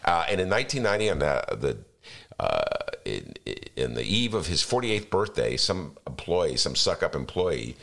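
A columnist hosting a casual podcast, his low voice gravelly and bright-edged. He rants with lively swings of pitch and drips with sarcasm. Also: moderate pace. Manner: fired-up ranting, sarcastic.

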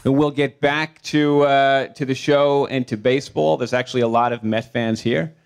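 Male interviewer, onstage conversation, wry questions, mid-pitched voice. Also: fairly even intonation, moderate pace, creaky, smooth.

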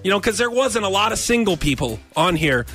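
A man's voice: sits high, very animated, a little fast, sharp tone, faint music behind. A man co-hosting a casual chat, rambling and self-deprecating as he tells a story. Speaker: co-host.

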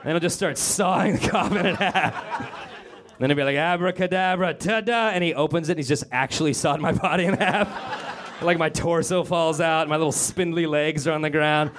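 A man's voice: on the high side, steady tone, brisk, fairly bright tone. A man doing a crude, self-deprecating stand-up set on a theater stage. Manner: crude, self-deprecating punchlines with acted-out voices. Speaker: stand-up comedian. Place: comedy theater stage before a laughing audience. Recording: live club recording, crowd laughter. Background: audience laughter.

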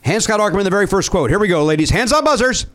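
Male game show host, slightly high voice, playful and self-mocking. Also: expressive, rapid-fire, fairly bright tone. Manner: upbeat, self-deprecating, rambling. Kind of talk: comedy podcast game show hosting.

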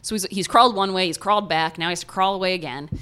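A woman with an Ohio American accent tells a story as a casual podcast co-host. Her voice sits low but sounds bright and forward, animated and full of filler words. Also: very fast, clear, resonant tone.

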